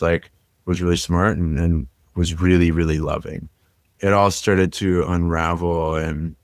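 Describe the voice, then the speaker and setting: A man's voice: low voice, no echo, studio quality. A young adult man from Minnesota, a podcast guest reflectively telling his personal story with frequent fillers.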